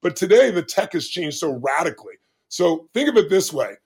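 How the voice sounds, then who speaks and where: Gravelly man in his 60s, high for a man, podcast guest, emphatic dramatic storyteller. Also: very animated, a little fast. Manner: emphatic, dramatic storyteller with big swings of pitch. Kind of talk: animated storytelling in conversation.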